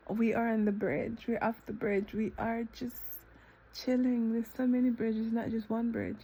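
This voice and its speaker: A woman vlogging a reflective self-talk monologue, rambling with lots of fillers and breaking into sudden high exclamations. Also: level tone, measured pace, warm tone, husky. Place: eating ice cream while filming herself.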